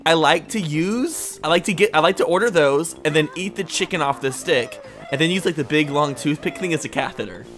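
A young man with a slightly high voice rambles and jokes crudely while playing a game in his bedroom. Faint music runs underneath his talk. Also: a little fast, a bit bright. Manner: joking, rambling, crude humor. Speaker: gaming YouTuber. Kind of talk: casual gameplay banter.

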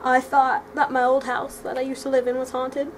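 A woman's voice: high voice, completely flat delivery, normal speed, slight background noise. A woman chatting casually as a friend on a home vlog, playful and teasing. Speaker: guest friend. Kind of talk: casual chat.

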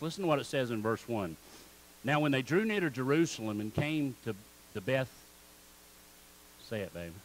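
A man's voice: medium pitch, slight background noise, poor audio. A man preaching a sermon in church as pastor, calling on the congregation to repeat words back. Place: church sanctuary.

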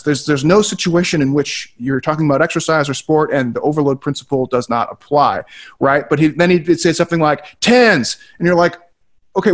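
A man co-hosting a casual webinar, talking quickly and animatedly and swearing freely. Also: a little high. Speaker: co-host.

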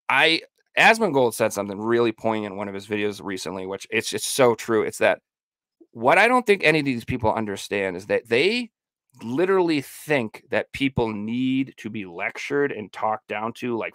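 A man's voice: medium pitch, a bit bright, no echo. A man ranting emphatically and with plenty of swearing in a casual podcast chat. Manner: emphatic, profane, heated ranting. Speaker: podcast co-host.

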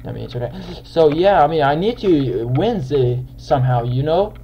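A young man giving casual gameplay commentary as a channel host, excitable and quick to yell in frustration at other players. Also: fairly high pitch, highs cut off, a little hiss or hum.

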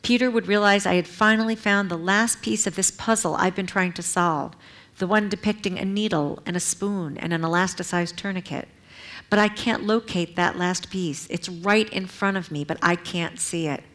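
A middle-aged woman, an author, reading from her own memoir at a public library event in a measured, earnest way, with brief asides to the audience. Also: fairly low pitch, a bit bright.

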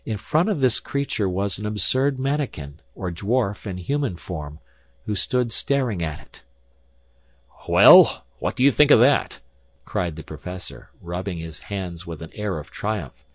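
A man narrating an audiobook in a measured, even reading style at a close studio microphone. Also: sits low, no room sound. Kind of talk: scripted narration.

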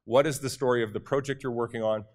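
A man from Canada speaks to a conference audience with energy and directness. His voice sits at a middle pitch, and he often turns to the crowd with quick questions. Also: steady tone. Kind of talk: motivational conference talk. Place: conference hall.

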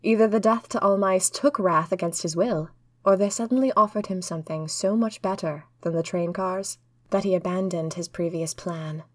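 A woman telling a first-person diary story in an earnest, lively way. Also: fairly low pitch, normal speed, dry recording, studio quality.

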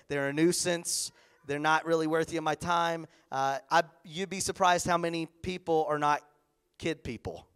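Animated male pastor preaching. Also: fairly high pitch. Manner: animated preaching, acts out voices of others. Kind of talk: sermon. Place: church.

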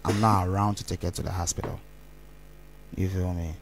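A man's voice: sits low, little pitch movement, fairly quick, slight background noise. A man, rambling as an interview guest and mixing Twi phrases into his English. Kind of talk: candid interview talk.

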